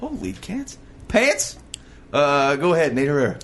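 A man's voice: fairly high pitch, wildly swooping pitch, fairly bright tone. A man hosting a quiz segment on a podcast, joking and punning between questions. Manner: jokey, quick asides, laughs at own puns. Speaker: quiz host. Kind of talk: playful radio quiz banter.

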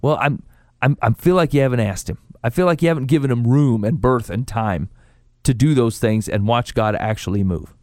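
Man, podcast co-host, casual faith chat, storytelling, dry close sound, mid pitch. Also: normal speed, no echo. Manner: storytelling, animated quoted asides.

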